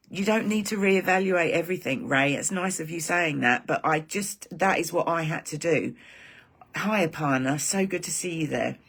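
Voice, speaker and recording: A woman's voice: low voice, moderate pace, a bit bright, husky. A woman hosting a live stream for her group, talking in a rambling, heartfelt casual chat.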